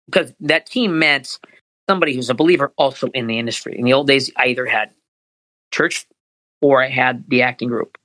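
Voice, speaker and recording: Male voice actor, earnest rambling talker, medium pitch, dry recording. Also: fairly quick, sharp tone, dry recording, poor audio. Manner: rambling, restarts often, earnest. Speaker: voice actor guest. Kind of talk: casual interview chat.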